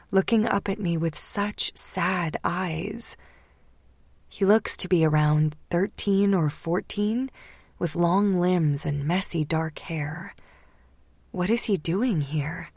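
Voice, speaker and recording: A woman reading a first-person romance audiobook, hushed and slipping into whispers at tense moments. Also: on the low side, dry recording. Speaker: audiobook narrator.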